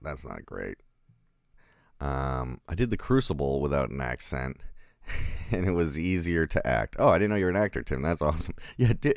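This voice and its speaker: Very deep-voiced rambling man. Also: darkish tone, dry recording, clean studio sound. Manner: rambling, chuckling, answering live chat. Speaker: film reviewer. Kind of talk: casual livestream review.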